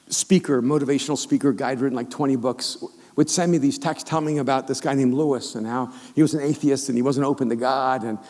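A middle-aged man preaching a sermon as a pastor, telling a story with animated delivery and acting out the voices of the people in it. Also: medium pitch. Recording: long reverb of a large hall.

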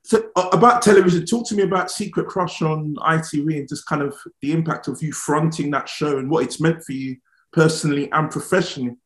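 A man's voice: a little high, fairly quick, roomy sound. A man interviewing a guest, stacking several questions together.

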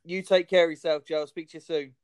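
Guy hosting a comedy podcast, jokey, laughs a lot, really clean smooth voice. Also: on the high side, fairly even intonation, fast, a little mellow. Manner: joking, laughs often. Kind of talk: casual chat.

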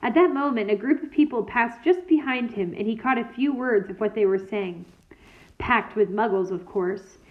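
Lady reading a chapter book out loud, steady and clear, kinda high voice, sounds like over the phone. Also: normal speed, phone-quality sound. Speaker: reader. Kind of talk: reading a novel aloud.

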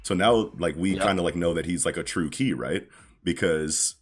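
A man's voice: sits low, moderate pace, breathy edge, faint music behind. A man casually chatting about manga on a podcast, laid-back and full of fillers and swearing.

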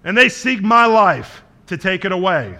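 A male preacher acting out a despairing, self-pitying prophet, loud and strained. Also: sits high, sing-song, normal speed, voice pushed up, exaggerated voice.

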